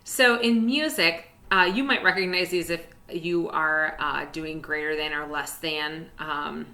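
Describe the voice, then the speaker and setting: Bright, encouraging woman music teacher. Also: low voice, fairly even intonation, unhurried. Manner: chatty and encouraging, many fillers. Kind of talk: online music lesson. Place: indoors at a desk.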